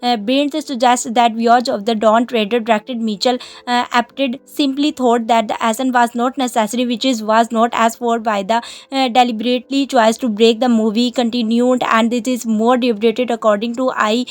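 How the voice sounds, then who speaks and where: A woman reading a scripted film commentary, halting often with "uh" pauses. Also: a little high, fairly even intonation, dry recording. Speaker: narrator.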